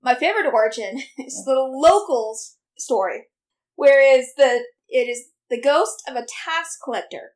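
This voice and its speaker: A woman's voice: high-pitched, lively intonation, unhurried. A woman co-hosting a podcast, telling a local legend in playful, enthusiastic casual chat. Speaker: podcast co-host.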